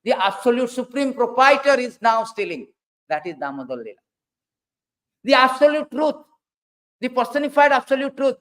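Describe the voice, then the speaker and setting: A man preaching a scripture class, animated, swinging from loud bursts to low asides and acting out quoted dialogue. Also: rough recording. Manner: quotes figures in dialogue, halting restarts.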